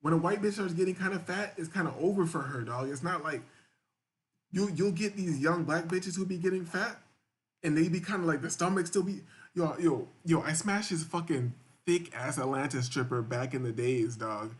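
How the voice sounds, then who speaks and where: Excitable, rambling male live-stream host. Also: on the high side, moderate pace. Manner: rambling, repetitive, crude and excitable. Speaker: live-stream show host reading viewer chats. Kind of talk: casual profane live-stream commentary.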